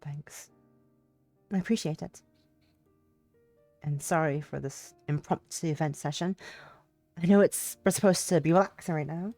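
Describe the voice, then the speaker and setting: Brief: emotional live-stream player reading visual-novel lines, teary, outbursts; dry sound, soft music bed. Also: mid-range voice, fairly even intonation, moderate pace, long pauses, no room sound. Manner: emotional, tearful reactions and swearing outbursts. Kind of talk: live game stream, reading dialogue aloud.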